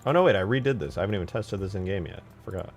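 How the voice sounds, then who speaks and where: A man's voice: sits low, expressive, racing, faint music behind. A young man casually thinking aloud while modding a game, chatting loosely with viewers in an easygoing way. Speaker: game modder and channel host. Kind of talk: casual commentary while working.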